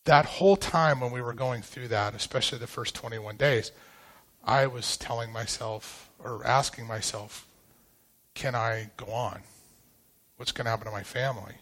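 A middle-aged man, a pastor giving a personal testimony, telling it in a halting, emotional way with many restarts. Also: medium pitch, fairly bright tone.

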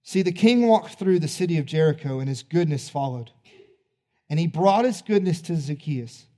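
A male pastor preaching a sermon, retelling a story in an animated, conversational way. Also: on the high side, normal speed.

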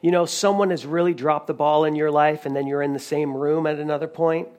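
A man's voice: fairly high pitch, fairly even intonation, fairly quick, darkish tone. A man preaching a sermon in a conversational way, retelling a story with frequent restarts. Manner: conversational preaching with many restarts and retold dialogue. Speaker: pastor.

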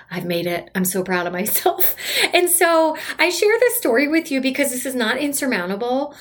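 A woman in her forties, a coach hosting her own podcast, talking to listeners in an upbeat, enthusiastic, chatty way. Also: on the high side. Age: 40s. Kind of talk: solo motivational podcast talk.

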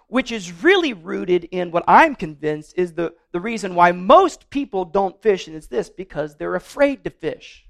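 A pastor with a notably high voice preaches to his congregation. He talks earnestly but loosely, trips over and repeats words as he goes, and slips in playful humor. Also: big pitch swings, normal speed, gravelly, hardly any pauses, a bit bright. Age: adult, married. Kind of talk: sermon.

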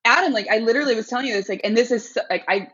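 Woman, podcast guest, husky voice, lively storytelling, slightly dull lo-fi sound. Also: on the high side, rapid-fire. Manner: animated storytelling, acts out voices of others. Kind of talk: casual chat.

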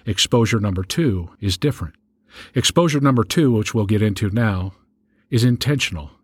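A man giving a spoken sermon, reading scripture aloud in a measured way and slowing down for the quoted verses. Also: no echo, studio quality. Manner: measured, slows down and rises in pitch when reading scripture aloud. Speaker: podcast host and preacher.

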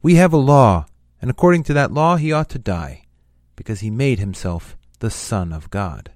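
A man shouting as an angry crowd. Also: sits low, unhurried, no room sound, clean studio sound. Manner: loud, raised shouting read.

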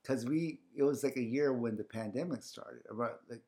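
A husky, dark-toned man with a mid-range voice speaks at a moderate pace as a guest organizing a community series. His casual, rambling personal story is thick with fillers, and he acts out people's words.

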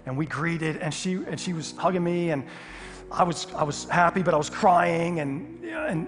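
Male pastor, lively comic storytelling sermon, reverberant hall, faint music behind. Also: fairly high pitch, normal speed. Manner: animated, humorous storytelling with sudden loud outbursts.

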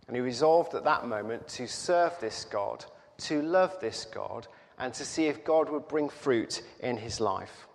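A man delivers a sermon at an unhurried pace, slow and reflective, with frequent pauses and fillers. His mid-pitched voice rings out through a large hall with a long reverb tail. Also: expressive. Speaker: preacher.

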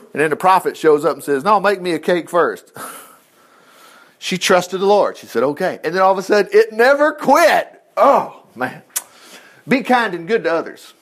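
A man preaching a folksy sermon, reading scripture aloud and breaking off into lively asides and laughter. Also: sits high. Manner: folksy, animated, reads scripture then riffs with asides and laughs.

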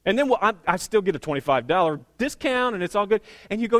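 A man with a fairly high voice preaches in a relaxed, conversational way, teasing the congregation with quick jokes. He drags out key words to hammer home a point. The sound is dry and close. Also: dry recording. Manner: conversational preaching, joking asides, slowing for emphasis. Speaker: pastor. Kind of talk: sermon.

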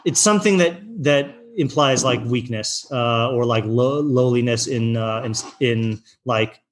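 A man's voice: mid-range voice, a little slow. A man teaching an online text study class, reading passages out and translating them in a loose, chatty way with plenty of fillers and restarts.

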